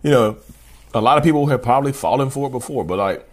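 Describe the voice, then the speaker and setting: A man's voice: medium pitch, lively intonation, fast talker. Rambling man talking to his viewers. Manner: rambling, talks straight to viewers, frequent restarts and asides. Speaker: YouTube channel host. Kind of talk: casual monologue.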